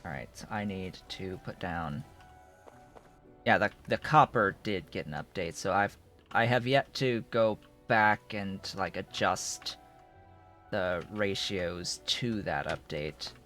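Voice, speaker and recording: Streaming a game, a man thinks aloud in casual live-stream commentary, rambling and restarting often. His deep voice is expressive, slow, and sharp in tone, with soft background music.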